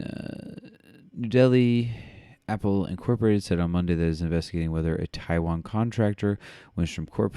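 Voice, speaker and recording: A man's voice: low voice, vocal fry, dark tone, no room sound, studio quality. A man co-hosting a podcast, reading news aloud and commenting in a rambling way with many fillers. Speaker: podcast co-host.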